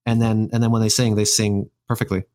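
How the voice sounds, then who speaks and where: A man's voice: on the low side, flat delivery, fairly quick, a little mellow. Casual male guest, rambling delivery full of restarts. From United States. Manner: rambling, many restarts and fillers. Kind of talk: casual conversation.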